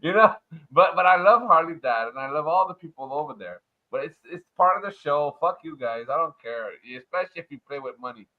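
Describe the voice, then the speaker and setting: A man from Montreal ranting crudely and loudly in a casual livestream chat. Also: on the high side, animated, a little fast. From Montreal, Canada. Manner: loud, profane, swaggering rant. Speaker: livestream panel guest. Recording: muffled lo-fi online audio.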